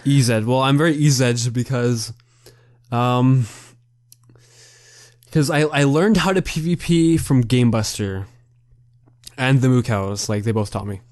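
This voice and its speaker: A man's voice: mid-range voice, unhurried, long pauses, darkish tone, no room sound. A young man hosting a casual Q&A over voice chat, laughing often and rambling through his answers. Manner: giggly, rambling, self-mocking. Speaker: channel host answering questions.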